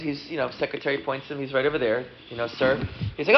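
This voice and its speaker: A man, a rabbi, casually teaching a class and acting out the people in his story. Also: fast. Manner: animated, acts out characters with big pitch jumps. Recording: dull lo-fi room recording.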